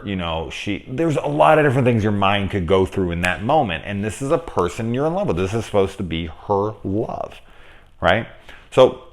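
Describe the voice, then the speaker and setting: A man talking casually through a movie review, rambling, correcting himself, and getting lively when he retells scenes. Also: low voice. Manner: rambling, conversational, self-correcting. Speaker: film reviewer.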